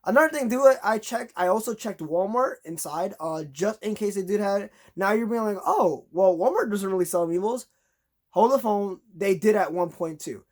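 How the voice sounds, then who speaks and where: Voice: medium pitch, expressive, moderate pace, a little mellow. A vlogger telling a long, exasperated story in a casual rant, acting out conversations in a raised voice.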